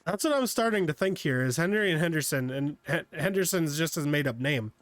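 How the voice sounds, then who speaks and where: A male streamer with a slightly higher voice, chatty and joking as he reasons aloud through a detective game. His voice is close and dry, with no room sound. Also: lively intonation, a little fast, a bit bright, no echo, soft background music. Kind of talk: casual let's-play commentary.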